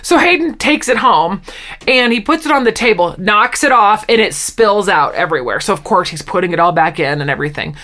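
A woman co-hosting a podcast, chatting casually and retelling sitcom scenes with lively acted-out quotes. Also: medium pitch, fairly quick. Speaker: podcast co-host. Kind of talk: casual chat recapping a sitcom.

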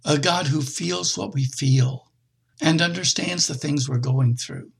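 A middle-aged man preaching a conversational sermon, with expressive jumps in pitch. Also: measured pace, gravelly, slightly rough.

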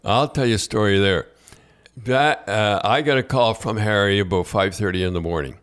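An older man hosts a casual chat, his voice sitting somewhat low. He tells long anecdotes that wander, stall and start over again and again. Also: normal speed, a bit bright, smooth. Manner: rambling anecdotes with many restarts. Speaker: podcast host.

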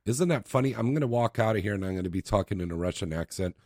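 A man's voice: lowish voice, expressive, fast talker, darkish tone, dry recording, clean studio sound. A man hosting a late-night talk radio show, chatty, brash and joking with callers.

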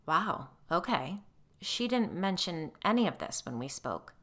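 A woman's voice: lowish voice, sing-song, unhurried, a bit bright, full character voice. A woman voicing a composed, firm church woman investigating a haunting, in a story reading.

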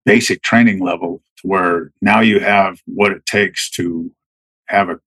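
A man in his fifties, a retired soldier, telling war stories casually in a halting way, with many restarts. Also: low voice, fairly even intonation, a bit bright, dry recording, poor audio. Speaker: guest, retired Army Green Beret. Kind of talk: casual storytelling.

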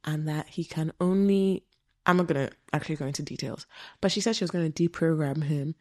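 A woman host retelling a true-crime story in casual chat, animated, with asides. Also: deep voice, a little fast. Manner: animated, with quoted voices and asides. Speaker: podcast host.

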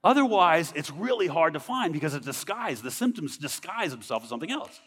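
A man's voice: a little high, sing-song, a little fast, a bit bright, slightly rough, big-room sound. A man giving a personal faith testimony in a church, talking earnestly and conversationally and often checking in with "right?". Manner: earnest, conversational, frequent tag questions. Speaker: speaker sharing a testimony.

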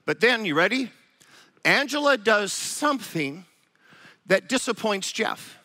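A man preaching a sermon, animated and acting out quoted voices of spouses. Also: high voice, a little slow. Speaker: pastor.

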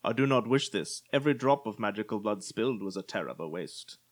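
A man doing a star-actor knight's voice as a dark lord. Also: lowish voice, lively intonation, brisk, voice pushed down. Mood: mock-menacing. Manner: mixing sci-fi lines into a villain speech, playful. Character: impression of a famous actor as an Obi-Wan-style dark lord, man.

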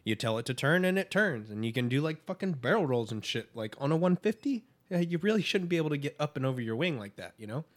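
A man's voice: a little high, sing-song, quick pace, few pauses. Laid-back young man telling stories. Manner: laid-back, profane storytelling. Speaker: guest. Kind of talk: casual chat.

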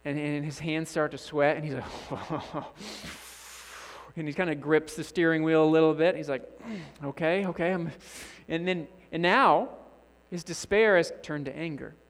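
A man's voice: a little high, normal speed. A man preaching a sermon as a guest preacher, telling a story and acting out the characters' lines. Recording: long church reverb.

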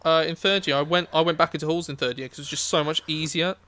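A man's voice: fairly high pitch, steady tone, fast, pushed and bright, clean tone. A young man, a musician, rambling energetically in casual chat and swearing freely.

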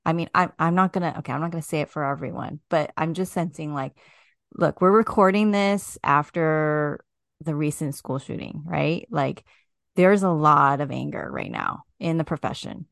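A woman's voice: sits low, moderate pace, gravelly, fairly bright tone, dry recording, clean studio sound. A woman hosting a casual podcast chat. She speaks emphatically and turns to address listeners directly.

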